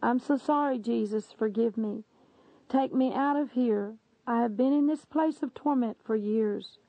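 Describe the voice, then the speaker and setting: A woman's voice: fairly high pitch, measured pace, no room sound, dull audio. A woman voicing a sobbing damned man who pleads desperately for mercy in a dramatic reading. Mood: pleading.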